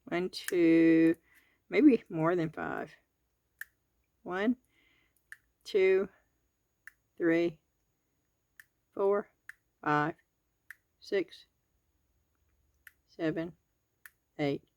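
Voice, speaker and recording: Southern woman, low-ish voice, unhurried folksy crafting host, garage setting. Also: darkish tone, muffled recording. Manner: chatty, homespun, counts items aloud. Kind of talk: real-time product review and tutorial. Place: home garage.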